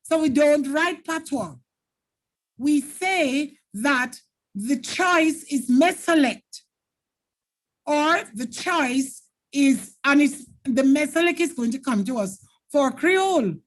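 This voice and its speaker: A woman's voice: sits high, lively intonation, takes it slowly. A Jamaican woman teacher running a live online exam-prep lesson, explaining patiently and thanking viewers by name.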